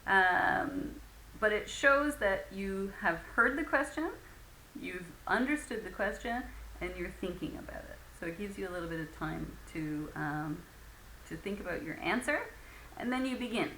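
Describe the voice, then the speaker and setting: Woman teacher, bright voice, patient, lots of fillers, echoey room with faint hum. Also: medium pitch, animated, normal speed. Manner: patient, many fillers, acts out example phrases. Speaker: English teacher. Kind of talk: recorded lecture.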